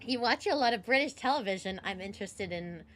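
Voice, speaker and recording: A young woman streaming a game reaction, giggly and animated as she reacts out loud in casual chat. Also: medium pitch, brisk.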